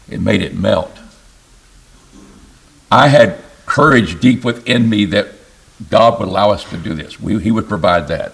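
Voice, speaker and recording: A man with a gravelly, rather low voice gives a Bible lesson in church. He speaks slowly and with emphasis, stopping to ask his listeners questions. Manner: slow, emphatic, asks the class questions. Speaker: preacher. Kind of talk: sermon, Bible class teaching. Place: church classroom.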